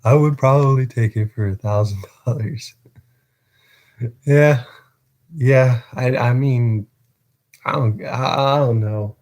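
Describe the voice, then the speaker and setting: A man's voice: medium pitch, slow, long pauses, darkish tone. A man reading a novel aloud on a casual livestream, chatting between passages and stumbling over words.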